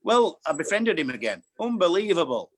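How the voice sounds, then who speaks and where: An older Yorkshire man, a guest barber, telling a story with a cheeky, boastful streak. He repeats his punchlines, and his voice sits a little high. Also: big pitch swings, moderate pace. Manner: boastful, jokey, repeats himself. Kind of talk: casual storytelling.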